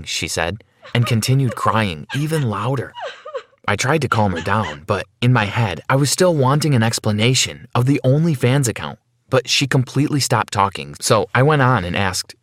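A man's voice: mid-range voice, sing-song, moderate pace, fairly bright tone, no room sound. Man narrating a first-person story.

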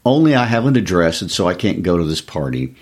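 Played by a man reading a story aloud, a petulant, discontented young wife snaps her lines in a low, husky voice with a lively lilt. She sounds impatient and aggrieved. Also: quick pace.

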